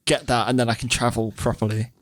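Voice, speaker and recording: A male podcast co-host chats in a mid-pitched voice, teasing his partner and rambling a little. The sound is dry and close. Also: little pitch movement, quick pace, no echo. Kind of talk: casual chat.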